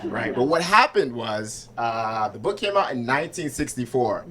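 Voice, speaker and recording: A man's voice: medium pitch, big pitch swings, normal speed, sharp tone. A man doing a stand-up set at an open mic in a small comedy club, talking conversationally and often checking in with the crowd. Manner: conversational, asks crowd for agreement.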